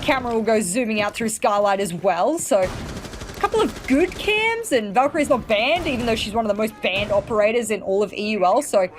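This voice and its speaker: A woman's voice: on the high side, animated, a little fast, a little hiss or hum. A woman casting a live esports match, giving flowing tactical analysis with dry sarcasm. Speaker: esports caster. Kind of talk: live game commentary.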